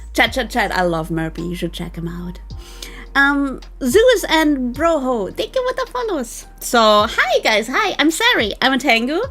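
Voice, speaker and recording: A young woman on a live stream, laughing in disbelief and talking straight to her chat. Her voice sits fairly high and bounces all over the place. Soft music plays underneath. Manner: giggly, incredulous, talks to chat. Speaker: virtual streamer.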